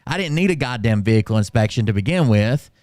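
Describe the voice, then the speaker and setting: A man casually telling a story on a stream, ranting in a profane and animated way. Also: medium pitch, quick pace, no echo, clean studio sound. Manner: profane, animated, full of fillers and restarts.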